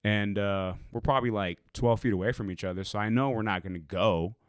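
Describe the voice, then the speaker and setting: A man's voice: on the low side, a little fast, clean tone, no room sound, studio quality. A man co-hosting a podcast, telling a story in a loose, rambling way and swearing freely. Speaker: podcast co-host. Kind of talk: casual storytelling chat.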